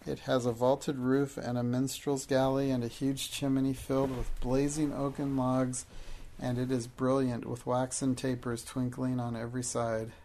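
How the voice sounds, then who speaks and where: A man reading the part of an imaginative young girl who loves pretending, in an even, gravelly voice. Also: medium pitch, moderate pace, slight background noise, close to an everyday voice.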